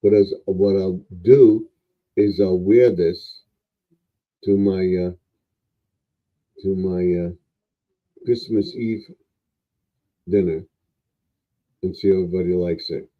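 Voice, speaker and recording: A man with a lowish voice hosts a casual livestream, chatting slowly and easily. The audio is dull and lo-fi. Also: fairly even intonation. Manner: unhurried, chatty, talks to a toy. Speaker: livestream host.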